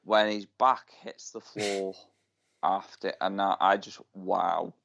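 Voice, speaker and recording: Low-pitched male co-host, blunt and sweary, dull lo-fi sound. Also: little pitch movement, slow, gravelly, fairly bright tone. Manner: blunt, swears, short reactions. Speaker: podcast co-host. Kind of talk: casual wrestling chat.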